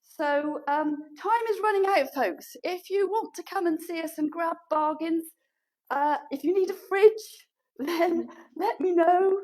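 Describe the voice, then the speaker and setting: In poor audio, a woman with a very high, slightly mellow voice talks at a measured pace. She owns a furniture shop and rambles chattily and self-deprecatingly on a live stream as she walks around inside it.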